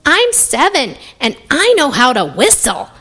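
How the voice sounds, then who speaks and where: Storybook boy of seven, voiced by a woman: high, eager, polite, pleading. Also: wildly swooping pitch, a little slow, sharp tone, heavily acted.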